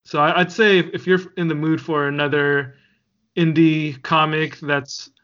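A man's voice: fairly high pitch, steady tone, normal speed, fairly bright tone. A man co-hosting a podcast, chatting casually and laughing easily. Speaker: podcast co-host. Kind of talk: casual chat. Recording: dull lo-fi sound.

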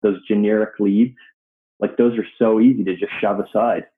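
A man's voice: lowish voice, fairly even intonation, normal speed, slight background noise. A man who owns a digital agency, speaking as a guest with enthusiasm and a habit of saying "like". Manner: enthusiastic, says "like" often. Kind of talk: casual business chat. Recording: tinny phone-like line.

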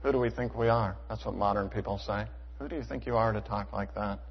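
A man preaching a sermon to his church, emphatic, asking rhetorical questions and swinging between loud and hushed delivery. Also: fairly low pitch, fairly even intonation, fairly quick, husky. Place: church sanctuary. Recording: dull hall reverb.

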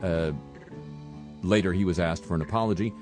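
An older man hosting a radio show, delivering dry, sardonic news commentary with halting fillers. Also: low voice, music in the background. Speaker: radio host.

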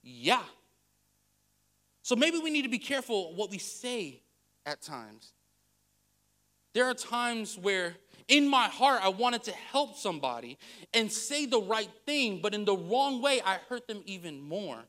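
A male pastor preaching a sermon, candid and self-deprecating, who tells stories with animated swings in his voice and laughs at himself. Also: high voice, a little slow. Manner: storytelling with animated vocal swings.

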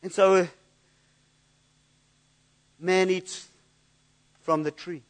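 A man's voice: sits high, level tone, very slow. A man preaching a sermon in an earnest, searching way, often repeating words as he looks for the next thought. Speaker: pastor.

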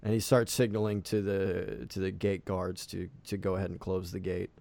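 A man's voice: sits low, level tone, normal speed, vocal fry, a little mellow. A man narrating a tabletop game as game master, casual and full of fillers.

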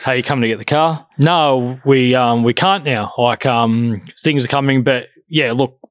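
A man's voice: medium pitch, normal speed, no room sound, studio quality. A man telling a story in casual chat, swearing freely and acting out both sides of the conversation.

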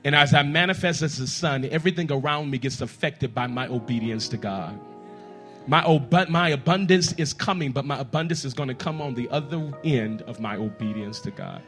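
A man preaching a sermon in a church as pastor, talking straight to the congregation and leading them in prayer, swinging from hushed lines to loud, emphatic ones. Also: mid-range voice, normal speed, soft background music. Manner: addresses the congregation directly, leads them in prayer.

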